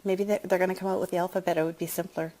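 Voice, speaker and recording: A middle-aged woman shares a personal story in a confiding, emotional way, then pitches wellness products in an upbeat, chatty tone. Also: level tone, racing, warm tone.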